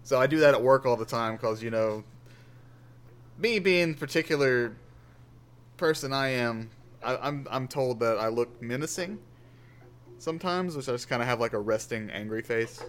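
A man's voice: mid-range voice, normal speed, pauses often, a little hiss or hum. Easygoing man telling stories on a podcast. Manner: easygoing, storytelling, swearing. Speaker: podcast co-host. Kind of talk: casual chat.

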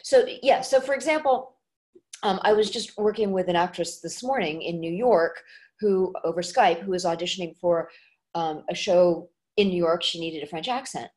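A woman with a fairly low voice talks through accent work in a relaxed interview. Her delivery is animated, and she slips into short acted examples to illustrate her points. It sounds like a casual chat over a video call. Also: normal speed. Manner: animated, acts out voices when giving examples. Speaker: dialect coach and actress, guest.

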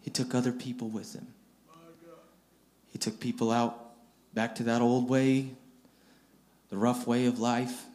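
A man preaching a storytelling sermon, retelling scripture in plain everyday speech and often repeating and restarting his phrases. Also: medium pitch.

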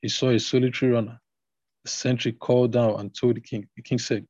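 A man's voice: mid-range voice, little pitch movement, a little fast, darkish tone, no room sound. A man reading scripture aloud in a plain manner, stopping now and then to reread a passage. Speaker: scripture reader. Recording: dull, slightly lo-fi recording.

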